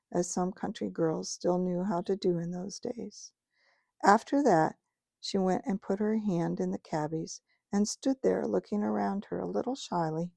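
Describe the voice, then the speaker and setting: Woman, audiobook reader, gentle steady storytelling, gravelly voice, dry close sound. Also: mid-range voice, no echo. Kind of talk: reading a children's novel aloud.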